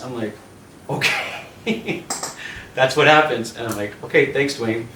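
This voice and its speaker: A man from Canada tells a lively story on a video call, laughing often and acting out voices. He sits back from the mic in a roomy space, with faint hiss underneath. His pitch sits in the middle range. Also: normal speed, far from the mic. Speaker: yoga teacher and host.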